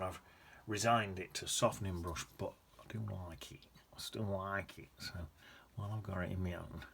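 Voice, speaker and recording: Brief: lower-voiced man, relaxed painting tutor, rambles and mutters to himself while he works, faint room noise. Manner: chatty, rambling self-talk with muttered asides. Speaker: painting teacher. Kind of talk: casual painting demonstration.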